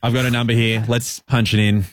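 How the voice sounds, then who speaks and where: A man's voice: mid-range voice, level tone, fairly quick, no echo, clean studio sound. A man co-hosting a radio show in an easygoing way, steering the segment. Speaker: radio co-host. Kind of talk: casual radio banter.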